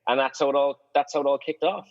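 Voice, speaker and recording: An Irish man chats as a podcast guest and tells stories with energy, slipping into the voices of the people in them. His pitch sits in the middle, and the audio is a little dull and muffled. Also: quick pace. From Ireland. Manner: lively anecdotes, acts out quoted voices. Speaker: guest, sailing photographer. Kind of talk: casual podcast storytelling.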